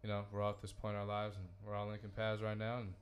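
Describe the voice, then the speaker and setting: A man's voice: lowish voice, completely flat delivery, fast talker. A man hosting a casual podcast, loose and joking, swearing freely as he introduces his guests. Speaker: podcast host.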